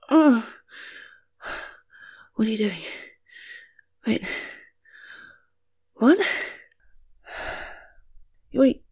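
Young woman, whispered role-play; breathy, unhurried, lively rise and fall. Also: on the high side. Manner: intimate, sighing and giggling.

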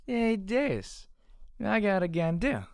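A man voicing a drunk, giddy young mare who taunts loudly in a read-aloud story. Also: sits high, very animated, takes it slowly, smooth, dry recording, clean studio sound, pitched above the performer's own voice, full character voice. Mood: taunting. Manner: loud, taunting and slurred. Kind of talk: audiobook character reading.

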